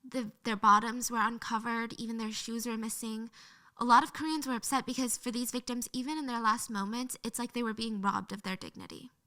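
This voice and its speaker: Woman narrator, high bright voice, earnest true-story telling. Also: steady tone, fairly quick. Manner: earnest, emotional retelling.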